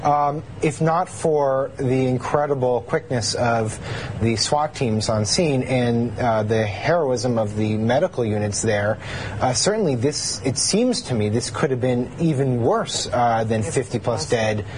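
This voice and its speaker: A man, a journalist on a news panel, framing a long question quickly with many filler "uh"s. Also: mid-range voice, slight background noise, rough recording.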